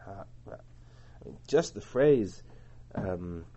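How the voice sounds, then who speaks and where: A man teaching a Torah class, explaining and translating verses in an animated way, on a dull lo-fi recording. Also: deep voice, drawn-out words, husky.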